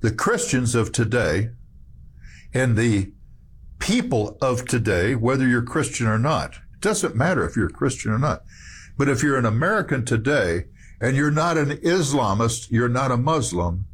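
A man's voice: medium pitch, expressive, normal speed, slightly rough. A man giving emphatic, rambling storytelling commentary, full of restarts and asides.

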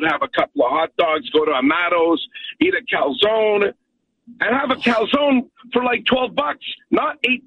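A man's voice: extremely high pitch, creaky, husky. A Montreal-accented Canadian man calling into a radio show, ranting emphatically and punctuating his points with "okay?". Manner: emphatic, repeats "okay?" often. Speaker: caller. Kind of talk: call-in radio rant. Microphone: telephone. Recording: tinny phone line.

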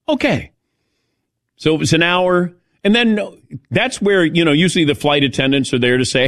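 A man's voice: moderate pace, no echo, clean studio sound. A man hosting a radio talk show, telling stories in casual chat and mimicking people in a raised voice. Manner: animated storyteller, mimics people in higher voice.

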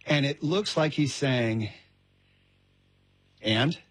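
A man who is a guest comedian on a sports talk show, playfully doing mock-stern impressions with high shouted bursts. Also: expressive, normal speed, heavy background noise.

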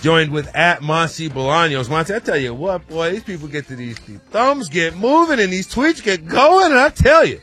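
A man hosting a sports talk radio show from a studio, talking in an excitable, animated way with many restarts. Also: on the high side, normal speed, few pauses, soft background music.

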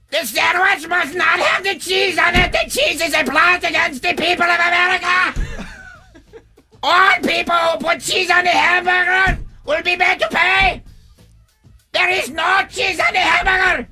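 A ranting dictator who bellows every line at top volume. The voice is very high and piercingly bright, with faint music behind it. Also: male voice, unhurried, exaggerated voice. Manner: shouting, bellowing decrees. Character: ranting dictator-style man, furious about cheese.

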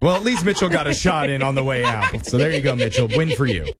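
A man's voice: medium pitch, quick pace, loud music behind the voice. A man hosting a radio show, easygoing and joking, chuckling often. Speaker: radio host. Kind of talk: radio morning show banter.

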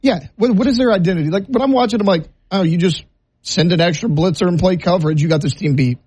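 Husky, higher-voiced man asking questions. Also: quick pace, a little mellow, no echo. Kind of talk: casual sports talk.

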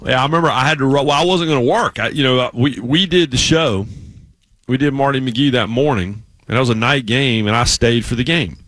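A middle-aged man hosting a sports radio show, drifting through a long anecdote and circling back on himself. His voice sits at an ordinary pitch, recorded close and completely dry in a studio. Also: a little fast, fairly bright tone, dry recording. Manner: rambling storyteller, many restarts. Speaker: radio sports talk host. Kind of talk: casual sports radio chat.

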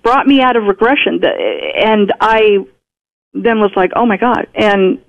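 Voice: medium pitch, unhurried. A radio guest in conversation who tells a personal story in a chatty way and acts out the speech of others. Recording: muffled radio broadcast audio.

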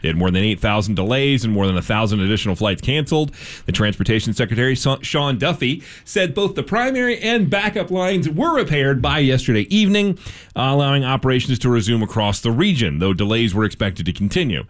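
A man's voice: medium pitch, lively intonation, fairly quick. A man hosting a local radio show, reading news items with casual asides and fillers.

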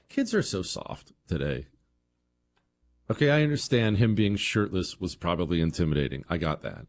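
A man's voice: sits low, sing-song, moderate pace, no room sound. A man hosting a news commentary show, delivering headlines in a mocking, sarcastic way. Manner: mocking, with big exaggerated swings.

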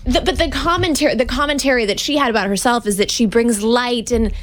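A woman speaking as a newspaper columnist guest on a talk radio show, earnest and agreeable with some halting restarts. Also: a little high.

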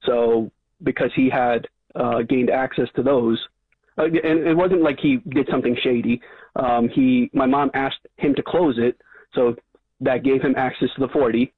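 A man's voice: mid-range voice, steady tone, normal speed, breathy edge, no echo. Hesitant male caller on a tinny phone line. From Long Island. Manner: hesitant, many fillers and restarts. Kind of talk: phone-in call.

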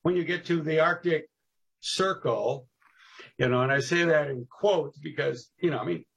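Man, podcast guest, animated yarn-spinner, forceful, husky. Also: on the high side, moderate pace, rough recording. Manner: animated, jumps into voices, laughs at his own stories. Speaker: guest storyteller on local history. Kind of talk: casual podcast storytelling.

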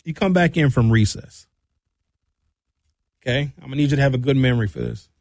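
Telling stories in an offhand monologue, this man in his fifties performs the characters' voices, bursting into shouted impressions. He speaks a little fast at a medium pitch, recorded without echo.

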